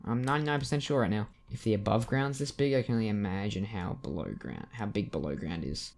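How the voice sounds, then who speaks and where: A man giving let's play commentary at his computer, joking and reacting with excitement to the game as he plays. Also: on the low side, quick pace. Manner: excitable, jokey, yelps and laughs at the game. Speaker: gaming YouTuber.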